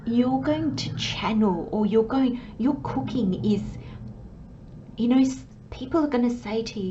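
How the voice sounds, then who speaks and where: A woman giving a channelled tarot reading in a soft, dreamy way, often dropping into a hushed whisper. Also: a little high, lively intonation, unhurried, muffled recording, a little hiss or hum. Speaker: tarot reader.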